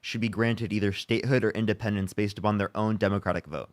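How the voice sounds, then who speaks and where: A man's voice: lowish voice, steady tone, quick pace, no echo. A young man hosting a livestream debate. He presses guests for answers with exasperation and rattles off thank-yous to donors. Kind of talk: heated live debate and donation shout-outs.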